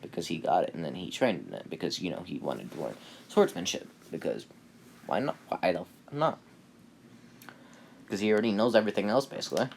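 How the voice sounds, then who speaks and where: A man's voice: deep voice, lively intonation, a little fast, creaky, darkish tone, a little hiss or hum. A man casually retelling an anime fan story, rambling with fillers and laughing at his own jokes.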